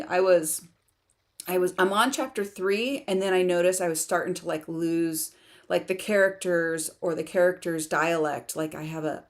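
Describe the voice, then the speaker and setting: Chatty woman hosting a livestream. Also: lowish voice. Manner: chatty, laughs often, reads viewer comments aloud. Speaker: livestream host for writers. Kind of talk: casual livestream chat. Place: home in the countryside.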